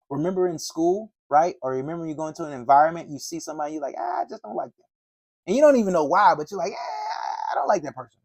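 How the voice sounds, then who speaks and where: A man's voice: high voice, no echo. Guy teaching door knocking, casual slang, acts out little doorstep chats, dry mic. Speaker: door-to-door sales trainer. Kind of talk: animated sales training talk.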